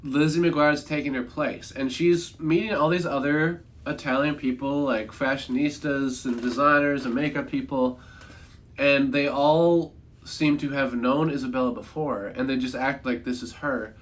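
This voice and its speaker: A man's voice: medium pitch, fairly even intonation, normal speed. A young man casually talking through a movie review on a livestream, rambling and correcting himself with offhand humor.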